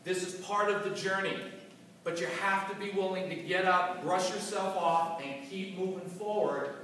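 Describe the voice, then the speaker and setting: A man giving a motivational talk to an audience, telling a personal story in an animated, emotional way. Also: high voice, moderate pace, slight background noise. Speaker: motivational business speaker. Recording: echoey hall from far off.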